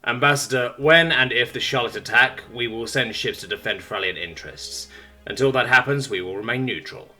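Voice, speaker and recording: A man's voice: medium pitch, fairly quick, pushed and bright, faint music behind. A man voicing a weary male human ambassador who speaks firmly and sarcastically. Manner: sarcastic, firm.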